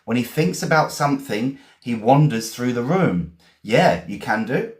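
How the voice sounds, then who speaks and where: A man from England with an English accent, teaching vocabulary in a chatty, encouraging way, repeating and spelling words slowly. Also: medium pitch, lively intonation, reverberant. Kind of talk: live-streamed vocabulary lesson.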